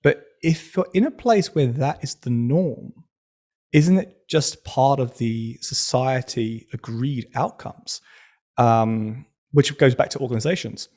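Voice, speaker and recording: A man hosts a relaxed conversation and tells stories with enthusiasm. He often drifts into playful tangents before finding his way back. His voice sits in an ordinary middle pitch. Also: takes it slowly. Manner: enthusiastic storyteller, goes off on tangents. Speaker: podcast host. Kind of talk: casual conversational interview.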